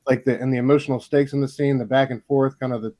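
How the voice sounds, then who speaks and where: A man on a live-streamed panel, talking with halting enthusiasm. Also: medium pitch, steady tone, mellow, no echo. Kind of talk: casual live-stream chat.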